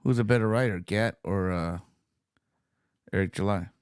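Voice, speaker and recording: A man's voice: lowish voice, normal speed, darkish tone, smooth, no room sound, clean studio sound. A man chatting casually as a stream guest, laid-back and hesitant when giving opinions. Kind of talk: casual chat on a live stream.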